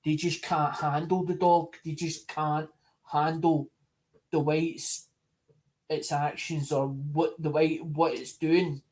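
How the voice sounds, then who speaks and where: A man who vlogs about coin collecting chats leisurely with his supporters, wandering off track and repeating or restarting phrases. His voice is higher than average and somewhat dark in tone, with little rise and fall.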